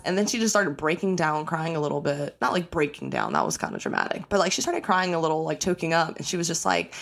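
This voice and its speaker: A young woman hosting her own podcast, ranting casually and bluntly with lots of swearing, jumping into high mock-outraged bursts. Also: brisk, vocal fry. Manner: blunt, profane, animated, breaks into high-pitched mock outrage. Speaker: podcast host. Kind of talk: casual solo rant.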